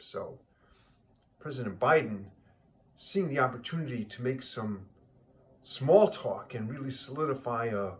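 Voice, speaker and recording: A man telling a joke in a relaxed, rambling way, full of fillers. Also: mid-range voice, measured pace, pauses often. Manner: rambling, chatty, many fillers. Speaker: joke teller.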